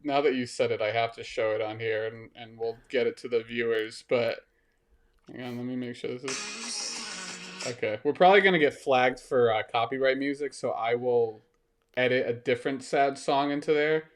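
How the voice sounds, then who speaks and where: Profane, self-mocking comedian co-host. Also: male voice, medium pitch, moderate pace, soft background music. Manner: rambling, profane and self-mocking, often breaking into laughter. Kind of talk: casual comedic podcast chat.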